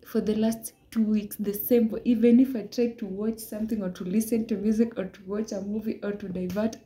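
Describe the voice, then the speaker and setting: A young woman giving an earnest personal testimony, often dropping into hushed half-whispers. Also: medium pitch, level tone, a little fast. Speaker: vlogger sharing a religious message.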